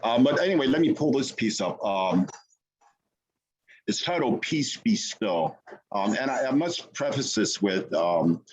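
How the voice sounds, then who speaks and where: A man poet on a video call who gives a hesitant spoken preface and then recites a poem in an earnest, measured way. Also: mid-range voice, lively intonation, dull audio. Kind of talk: poetry reading.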